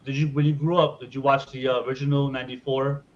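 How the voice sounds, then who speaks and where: A man's voice: medium pitch, level tone, quick pace, highs cut off. A man hosting a podcast in loose, joking casual chat, swearing freely. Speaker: podcast host.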